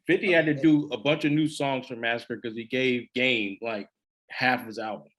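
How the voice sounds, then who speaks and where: A man's voice: medium pitch, fairly even intonation, normal speed, a bit bright. A man co-hosting a podcast in casual chat, with dry, scoffing banter and speech. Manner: dry, scoffing banter that calls out tall tales. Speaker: podcast co-host.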